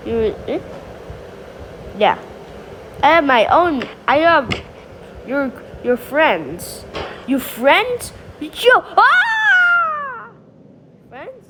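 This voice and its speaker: A woman's voice: high-pitched, fairly bright tone, a little hiss or hum. A woman telling a playful story over sandbox gameplay, goofy and full of sound effects and exclamations. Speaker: gaming channel creator.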